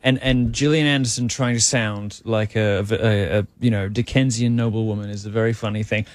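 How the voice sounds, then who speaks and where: A man's voice: fairly low pitch, steady tone, brisk, dry recording. A man from England with a received-pronunciation accent, a guest on a talk show, speaking in an arch, wry, theatrical way with plenty of fillers. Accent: English received pronunciation. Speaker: guest commentator. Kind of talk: casual talk-show interview.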